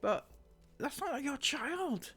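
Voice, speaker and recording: A man's voice: very high-pitched, lively intonation, takes it slowly, sharp tone, faint music behind. A man doing sarcastic commentary on online comments, laughing often. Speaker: commentary YouTuber.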